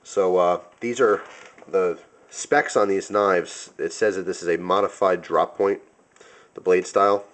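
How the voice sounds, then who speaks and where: A man's voice: deep voice, fairly even intonation, measured pace, fairly bright tone. A young man giving a casual knife review, rambling with many fillers and self-corrections.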